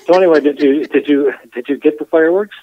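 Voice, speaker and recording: A man's voice: fairly high pitch, quick pace, dry recording. A middle-aged man from Michigan, a guest cracking dry jokes and telling stories in casual chat. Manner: wry, joking storyteller. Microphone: phone. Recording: tinny phone line.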